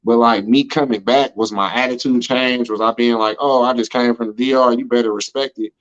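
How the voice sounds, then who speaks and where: A man's voice: mid-range voice, fairly even intonation, brisk, a bit bright. American guy rambling thru stories, slangy, keeps saying you know what im saying, kinda muffled lo-fi sound. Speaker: interview guest. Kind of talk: casual storytelling chat.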